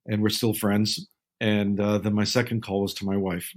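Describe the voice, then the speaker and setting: A man in his sixties, a guest on an interview show, telling unhurried anecdotes and acting out the people he quotes. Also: on the low side, flat delivery, a little mellow. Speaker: guest, naval film consultant. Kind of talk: relaxed interview storytelling.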